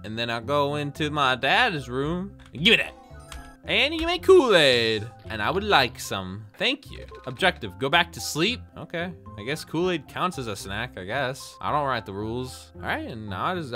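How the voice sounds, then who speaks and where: Lively bright-voiced young man gaming. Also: mid-range voice, normal speed, faint music behind. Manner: animated, jokey, talks to himself, sudden yelps. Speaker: gaming YouTuber. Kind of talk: playful let's-play commentary.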